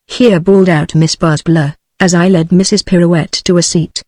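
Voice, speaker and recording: A woman's voice: lowish voice, normal speed, few pauses, no room sound. A text-to-speech woman's voice with a British English accent, evenly narrating an audiobook. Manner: even synthetic reading, reads punctuation aloud.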